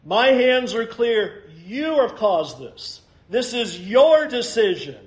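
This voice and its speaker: A man's voice: very high voice, animated, moderate pace, a little mellow, voice pushed up. A man voicing an exasperated, pleading male Roman governor who keeps asking incredulous questions. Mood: defensive. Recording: roomy echo.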